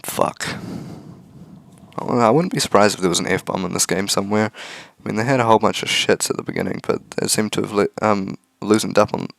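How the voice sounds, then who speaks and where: A young man with a fairly low voice reads a visual novel aloud for his let's play. He stops now and then for casual, joking asides. The sound is close and dry. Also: fairly quick, creaky, fairly bright tone, no room sound.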